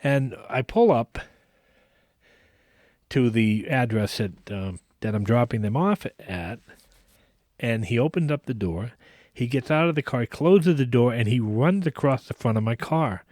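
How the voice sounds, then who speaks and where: A man hosting a podcast, casually telling a long anecdote in an animated way, with frequent restarts. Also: medium pitch, a little slow, dry recording, studio quality. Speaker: podcast host. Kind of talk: casual storytelling.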